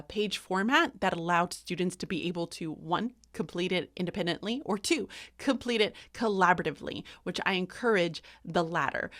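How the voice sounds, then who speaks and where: A woman's voice: on the low side, a bit bright, dry recording, clean studio sound. A woman teacher trainer walking through a vocabulary worksheet on screen, upbeat and self-deprecating, talking while she writes. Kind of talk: instructional screen walkthrough.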